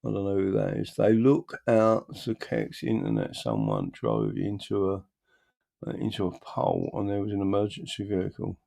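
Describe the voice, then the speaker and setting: A man hosting a live stream and reading out viewer comments. His voice has a gravelly edge, and he talks bluntly, rambling with frequent restarts. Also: fairly low pitch, big pitch swings, normal speed, mellow. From London, England. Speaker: livestream host.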